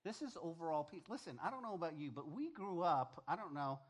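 An older man preaching to his congregation in a lively, chatty way, stopping often to talk to them directly. His voice sits a touch higher than most men's. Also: brisk, breathy edge. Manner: animated, conversational preaching with asides to the congregation. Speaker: pastor. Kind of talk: sermon.

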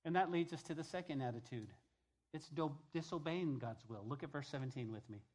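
This sermon comes from a male pastor whose voice is a little high and whose pace is brisk. He stresses his points, repeats key phrases, and shifts between loud and quiet delivery.

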